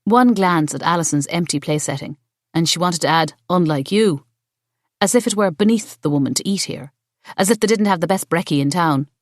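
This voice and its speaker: A woman narrating a cozy mystery audiobook in an even, storytelling manner. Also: lowish voice, a little fast, no room sound, studio quality. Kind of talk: scripted narration.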